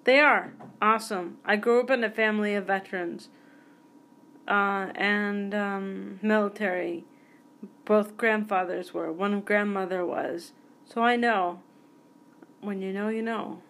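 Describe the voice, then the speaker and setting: A woman's voice: medium pitch, fairly even intonation, a little slow, a bit bright. A woman in her forties hosting her own podcast, chatting in a goofy, rambling way and jumping from topic to topic. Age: 40s. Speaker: podcast host. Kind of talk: rambling solo podcast chat.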